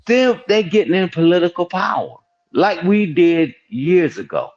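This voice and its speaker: Older man, emphatic panelist, animated delivery, lo-fi stream sound. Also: high voice, measured pace. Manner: emphatic, repeats "I'm telling you", preachy. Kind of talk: heated panel discussion.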